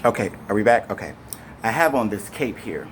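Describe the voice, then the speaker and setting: A man with a somewhat low voice tells his own story straight to camera. He rambles and restarts, stacking up fillers as he goes. A faint ambient hum sits behind him. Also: fairly quick. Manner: animated, addresses viewers directly. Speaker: storyteller recounting an arrest. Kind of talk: emotional first-person storytime to camera.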